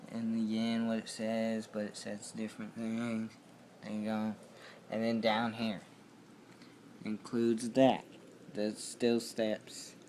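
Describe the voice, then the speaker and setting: At home, a young man rambles through a loose, unscripted video review of a toy wrestling ring, caught by the camera mic. His voice sits lowish and a little mellow, with slight background noise in the recording.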